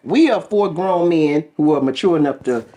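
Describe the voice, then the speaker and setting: A grown man hosting a casual comedic podcast, joking loudly and laughing, his voice jumping up high for punchlines. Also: moderate pace. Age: adult. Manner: loud, laughing, playful swings up into high pitch. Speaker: podcast host.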